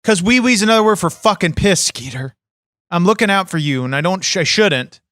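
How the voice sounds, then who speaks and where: A man's voice: high-pitched, expressive, fairly quick, a bit bright, no echo, studio quality. Brash, cussing male podcast host. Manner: brash, profane and exasperated. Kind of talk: comedy podcast banter.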